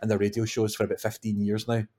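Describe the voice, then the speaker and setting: A man's voice: on the low side, completely flat delivery, rapid-fire, mellow. A man in his thirties co-hosting a podcast, telling stories in a casual, sweary, laugh-filled way. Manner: storytelling, laughs often, sweary banter. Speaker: podcast co-host. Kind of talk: casual chat.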